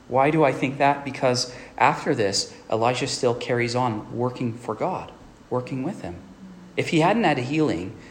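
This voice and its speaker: An earnest male pastor delivers a sermon in a mid-range voice, often checking in with a quick "right?" A little hiss or hum can be heard in the recording.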